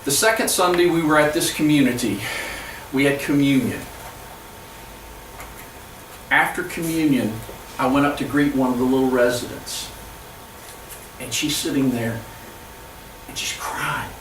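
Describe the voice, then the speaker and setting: A man speaking as a pastor, giving an earnest storytelling presentation to church leaders, with halting restarts. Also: medium pitch, a little hiss or hum. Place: church hall. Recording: echoey room, from far off.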